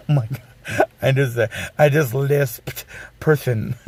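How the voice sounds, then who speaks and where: A man's voice: mid-range voice, wildly swooping pitch, extremely slow, creaky, darkish tone, breathy edge, dry recording. A man in his forties, a streamer, ranting bluntly and casually, swearing and circling back with restarts. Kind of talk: casual rant.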